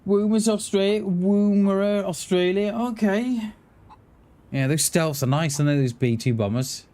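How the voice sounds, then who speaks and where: A man with a high-pitched, warm voice streams a survival game and talks with his viewers at an unhurried pace. His casual chat rambles, and he frequently restarts his words.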